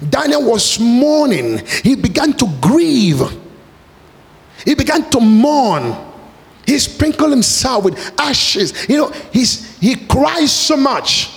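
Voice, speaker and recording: A man preaching a sermon, speaking with passion and at times rising to shouted pleas. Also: high voice. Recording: long hall reverb.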